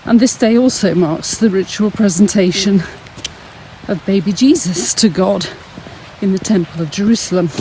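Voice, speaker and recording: A woman leading a Sunday school walk, giving a gentle, reflective talk outdoors while slightly out of breath. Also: medium pitch, moderate pace, slight background noise, rough recording. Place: outdoors on a frosty hillside walk.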